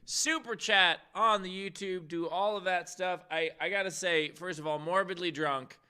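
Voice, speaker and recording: Animated high-voiced male co-host. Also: moderate pace, smooth. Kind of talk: casual comedic banter.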